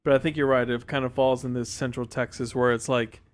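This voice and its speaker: A young man co-hosts a laid-back podcast, his voice smooth and resonant. He talks loosely and rambles, with plenty of filler words. His pitch sits in an ordinary middle range. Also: level tone, a little fast. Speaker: podcast co-host. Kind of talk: casual chat.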